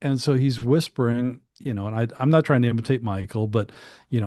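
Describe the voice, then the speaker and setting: A man's voice: medium pitch, a little fast, dark tone, no room sound. Chatty man telling studio stories. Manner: chatty, with frequent restarts and asides. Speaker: guest recalling studio work. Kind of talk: casual anecdotal storytelling.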